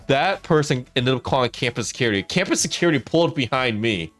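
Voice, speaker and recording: A man's voice: medium pitch, lively intonation, fairly quick, a bit bright, faint music behind. A man telling a funny story to his stream while gaming, laughing often as he talks.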